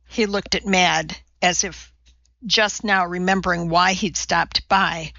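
A woman narrating a novel in an even storytelling voice, slightly muffled. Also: on the low side, slow pace, creaky, dry recording. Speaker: audiobook narrator. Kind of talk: scripted narration.

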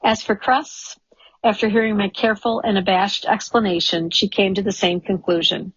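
A woman reads a first-person memoir aloud in a measured, wry way. Her voice is husky, the room is dry and close, and the recording is dull and lo-fi. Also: medium pitch, fairly even intonation, no echo. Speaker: audiobook narrator.

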